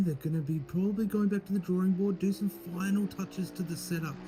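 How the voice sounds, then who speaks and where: A man co-commentating a sim race, welcoming viewers and explaining the qualifying format. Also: mid-range voice.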